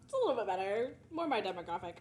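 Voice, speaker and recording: Young female podcast co-host, gushing and giggly, lively pitch, casual chat. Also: racing, slight background noise.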